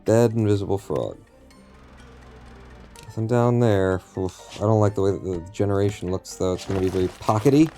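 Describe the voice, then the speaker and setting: A man's voice: lowish voice, moderate pace, dark tone, soft background music. A man streaming a game live, talking to himself and the game in a rambling, profane way. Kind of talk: live gameplay commentary.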